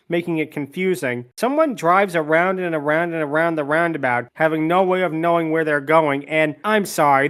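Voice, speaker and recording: A high-voiced man, hosting a podcast, rattles through a film's plot. He tosses in dry jokes and does voices for the quotes.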